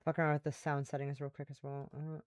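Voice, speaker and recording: A woman's voice: sits low, little pitch movement, fast talker, no room sound. A woman streamer making casual, self-mocking, profane comments while playing a visual novel.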